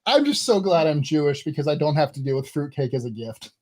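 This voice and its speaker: A man's voice: fairly high pitch, very animated, fast, a little mellow. A man co-hosting a live call-in stream, blunt and outspoken, reading chat messages aloud. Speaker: co-host.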